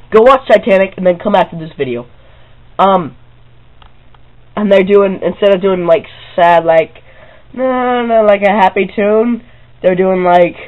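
High-pitched, excitable vlogger, rambly and chatty, on slightly muffled camera audio. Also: male voice. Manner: excitable, rambling, addresses viewers directly. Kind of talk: casual rambling to-camera vlog. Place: own bedroom.

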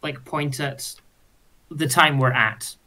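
A man's voice: mid-range voice, steady tone, takes it slowly, sharp tone. A man playing a tabletop game, thinking aloud hesitantly with many fillers. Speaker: player.

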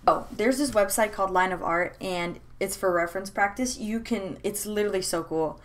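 A young adult woman, an art vlogger, chats at home about her sketchbooks, gushing with enthusiasm and rambling through many fillers and restarts. Her voice is medium-pitched and moves at a normal speed.

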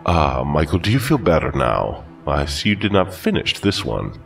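A man voicing a calm, formal ancient demon-bound master who speaks in a measured way. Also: a bass voice, gravelly, far from the mic, faint music behind, full character voice.

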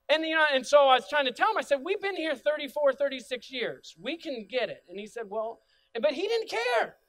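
A middle-aged male pastor delivers a sermon in his church, his voice strikingly high for a man. He preaches emphatically, circling back to the same phrases and calling on the congregation to repeat them. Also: a bit bright. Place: church sanctuary.

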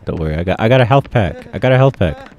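A man giving casual gameplay commentary, excitable, profane and joking, with sudden yelps. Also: fairly low pitch, fast. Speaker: gaming commentator.

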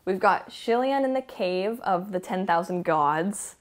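A woman talks about a favorite book in a casual, rambling way. Her voice rises and falls in a lively, expressive sweep as she gushes like an excited fan. She often breaks into laughter between thoughts. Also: mid-range voice, a little slow. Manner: animated, gushing fan rambling with frequent laughs. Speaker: book vlogger. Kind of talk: casual book review chat.

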